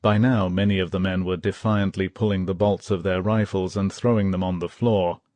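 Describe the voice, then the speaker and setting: A man reading an audiobook in steady, measured scripted narration. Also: sits low, no echo. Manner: measured, steady storytelling, voicing characters' shouts.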